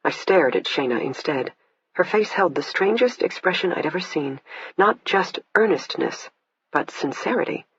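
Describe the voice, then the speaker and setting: A man with a husky voice reading a first-person thriller as steady scripted narration. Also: high-pitched, normal speed, no echo. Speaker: audiobook narrator. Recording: dull lo-fi, dry.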